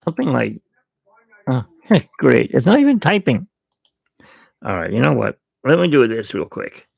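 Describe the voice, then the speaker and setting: A man's voice: medium pitch, big pitch swings, moderate pace, gravelly, a little mellow, husky, no room sound, clean studio sound. A man hosting his own channel, chatting casually and rambling in a joking, self-mocking way. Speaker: YouTube channel host. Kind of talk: casual live stream chat. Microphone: desk microphone.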